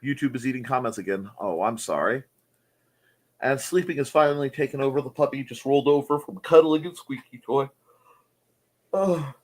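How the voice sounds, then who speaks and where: A man's voice: mid-range voice, moderate pace. A man hosting a casual livestream chat from home, playful and chatty as he reads comments. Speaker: host. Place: home room.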